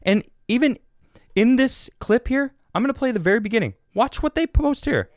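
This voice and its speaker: A man's voice: extremely high pitch, expressive, normal speed, no room sound, studio quality. A man hosting a podcast, giving casual, sarcastic commentary on news clips and reading quotes aloud to mock them. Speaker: podcast host.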